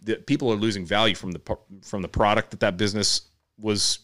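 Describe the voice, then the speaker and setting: Low-voiced, careful podcast co-host. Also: male voice, fairly even intonation, a bit bright. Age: 30s. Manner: measured, restarts often, corrects and clarifies points. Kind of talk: casual chat.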